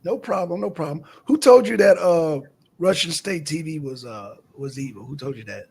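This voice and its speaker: Brief: male host, casual news banter, needling, husky tone. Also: a little high, normal speed. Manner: animated, needling, swears casually. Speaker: show host.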